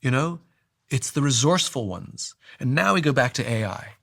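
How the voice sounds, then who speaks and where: A man talking through a story in a conversation, reflective, restarting often and letting his sentences trail off low. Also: lively intonation, normal speed, gravelly, a bit bright, no echo, clean studio sound.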